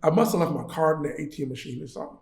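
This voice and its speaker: An American man, a podcast guest, telling a story in lively, slangy talk and acting out what others said. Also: a little high, very fast, gravelly. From United States. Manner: animated, laughs often, slangy, acts out quoted voices. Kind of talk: storytelling conversation. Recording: roomy echo.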